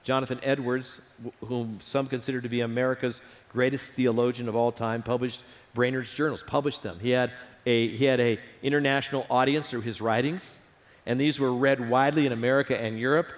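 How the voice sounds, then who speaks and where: A man's voice: mid-range voice, fairly even intonation, a little fast. A man preaching a sermon in an auditorium, earnest and repeating phrases for emphasis. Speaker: pastor. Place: large auditorium. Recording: reverberant hall.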